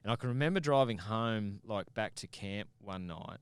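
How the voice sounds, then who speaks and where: A man telling an animated, sweary story in casual podcast conversation. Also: on the low side, moderate pace, clear, resonant tone, no room sound. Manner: animated, swears freely, acts out his own shouts. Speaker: podcast guest.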